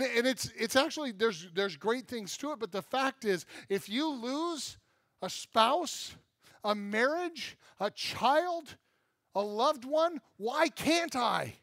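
Male pastor, higher-pitched, animated and self-deprecating, dry close sound. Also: no echo. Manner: animated, self-deprecating humor, rhetorical questions. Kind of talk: sermon. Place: church.

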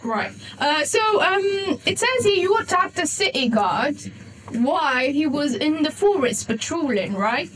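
A woman's voice: high voice, big pitch swings, a little slow, a bit bright, slight background noise, heavily acted, rough recording. A woman doing a smug scrawny young guard. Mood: needling. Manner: mocking, repeats "right?" after every charge.

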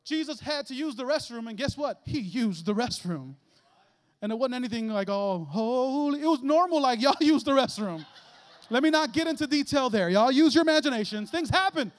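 High-voiced, animated preacher man. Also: fairly quick. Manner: animated, joking, acts out little voices and asides. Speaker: guest preacher. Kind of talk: lively conversational sermon. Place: church sanctuary.

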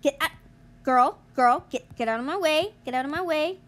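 A young woman commentating her gameplay, exasperated and groaning, yelling at other players to get out of her way. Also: high-pitched, moderate pace. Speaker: gamer streamer.

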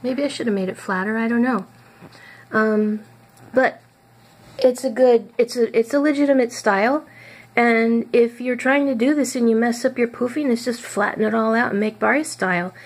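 Chatty breathy woman vlogging her cooking. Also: fairly high pitch, normal speed. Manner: chatty, hesitant, trails off. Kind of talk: casual cooking vlog.

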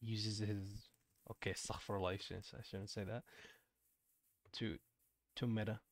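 A man's voice: fairly low pitch, level tone, normal speed, dry recording. A young man streaming a game and chatting casually, playful and teasing. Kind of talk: casual gaming stream chat.

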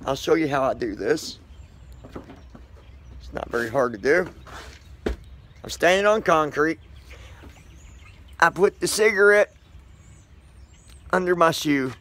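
A man's voice: on the high side, expressive, takes it slowly, long pauses, a bit bright, a little hiss or hum. A man vlogging casually outdoors, chatting and joking directly with his viewers in an upbeat, rambling way. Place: outdoors on concrete.

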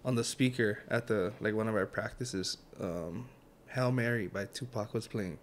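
A man's voice: on the low side, normal speed, a little hiss or hum. A young man from Hawaii with a Hawaiian Pidgin accent, co-hosting a casual podcast and telling stories with frequent laughter. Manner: laughs often while telling anecdotes. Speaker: podcast co-host. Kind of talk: casual chat.

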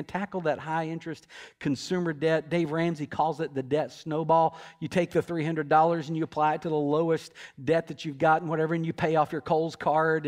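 A middle-aged man preaching a sermon as senior pastor, talking conversationally with stories, asides and quick restarts. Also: on the high side, a little mellow. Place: church auditorium.

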